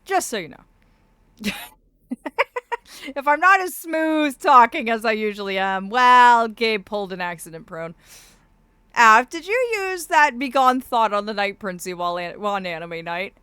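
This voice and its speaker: A woman's voice: a little high, sing-song, normal speed, long pauses, sharp tone, clear, resonant tone, no room sound. A woman streaming live as a fey persona. She chats casually and reads viewer messages, calling viewers darlings and laughing often. Her speech is slightly impeded by a swollen cheek.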